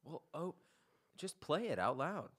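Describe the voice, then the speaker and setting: A man hosting a casual comedy podcast, telling animated stories and acting out the people in them. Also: fairly high pitch, unhurried, slightly rough. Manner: animated storytelling, acts out quotes. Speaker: podcast host.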